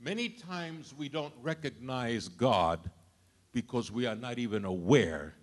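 An older man, a grandfather, preaching a sermon with dramatic storytelling that swings from loud outbursts to hushed asides. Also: mid-range voice, lively intonation, a little slow. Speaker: pastor.

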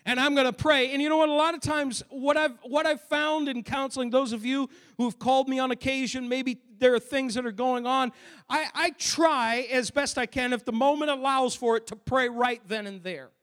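A pastor preaching a sermon, moving between quiet asides and loud, emphatic declarations. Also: male voice, very high-pitched, steady tone, moderate pace. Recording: long reverb of a large hall.

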